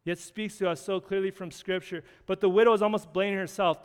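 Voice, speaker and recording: A man preaching in a high, smooth, resonant voice, earnest and conversational, circling back over his phrases as he works through scripture. His words ring out with a long reverb, as in a large hall. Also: fairly even intonation, a little fast. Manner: conversational, earnest, with frequent restarts and scripture readings. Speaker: pastor. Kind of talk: sermon.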